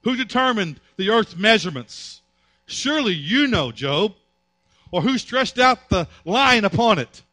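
A man's voice: high voice, sing-song, a little slow, pushed and bright, no room sound, full character voice. A man voicing an all-powerful male deity who questions in a stern, commanding way during a sermon.

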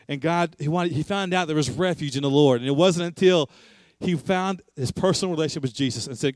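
Emphatic preacher with a higher voice. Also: male voice, fast, no room sound. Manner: emphatic, repetitive, asks rhetorical questions. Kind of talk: sermon.

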